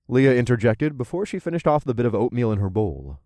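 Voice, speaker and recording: A man reading a first-person audiobook in a steady, easygoing storytelling manner. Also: medium pitch, fairly quick, dry recording. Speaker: audiobook narrator.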